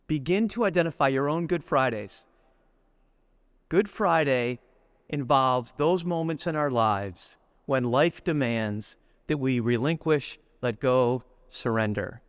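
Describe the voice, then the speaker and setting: A middle-aged man giving a spiritual retreat reflection, deliberate and storytelling, slowing down to linger on lists of words. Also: mid-range voice, clear, resonant tone, no room sound, clean studio sound. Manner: storytelling, acts out everyday speech. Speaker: retreat speaker.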